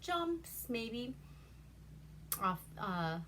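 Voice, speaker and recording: A woman from Alaska hosting a casual movie recap. She rambles, swears freely and keeps a deadpan tone. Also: on the high side, extremely slow, a little hiss or hum. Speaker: host.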